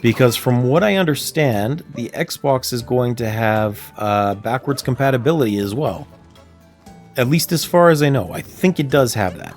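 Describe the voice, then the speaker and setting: A man's voice: mid-range voice, normal speed, faint music behind. Chatty Canadian man streaming a game. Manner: chatty, laughs often, animated storytelling. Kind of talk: casual gameplay livestream chat.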